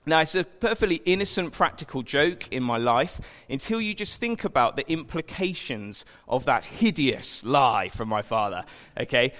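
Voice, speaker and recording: Chatty young preacher in a reverberant hall. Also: male voice, mid-range voice, animated, normal speed, hardly any pauses, fairly bright tone. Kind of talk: informal sermon with humour. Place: church hall.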